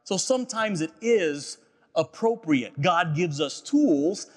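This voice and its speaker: A man's voice: on the high side, expressive, takes it slowly. A man preaching a sermon as a pastor, earnest and personal, often repeating phrases and checking in with "right?". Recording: echoey hall.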